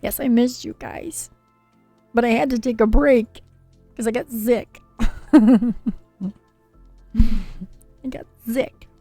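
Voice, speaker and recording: A woman host reads tarot cards for her chat in a relaxed, soothing manner. Her voice is mellow with some gravelly fry and a touch of scratchiness from a recent cold. It is close and dry, with faint music behind her. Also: fairly high pitch, unhurried, dry recording. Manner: soothing, chatty, reads viewer names and card meanings. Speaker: tarot reader and livestream host. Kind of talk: casual livestream tarot reading.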